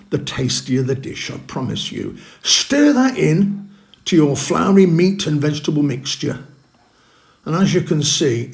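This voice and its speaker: A man's voice: a little high, darkish tone. A man hosting a cooking video, talking viewers through each step in a chatty, upbeat way. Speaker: cooking channel host. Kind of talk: casual cooking demonstration.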